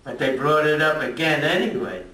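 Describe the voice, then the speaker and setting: The echoey recording, made from a distant mic, catches an older man lecturing informally on history at a retirement community. His voice is a little high, sing-song, pushed and bright at a moderate pace, and he keeps things chatty and full of jokes.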